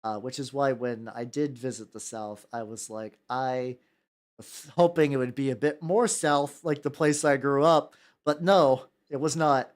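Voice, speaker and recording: A man's voice: mid-range voice, unhurried. A young man from the United States chatting casually while he paints miniatures, rambling, stammering and repeating words. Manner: rambling, stammers and repeats words, laughs often, jumps between topics.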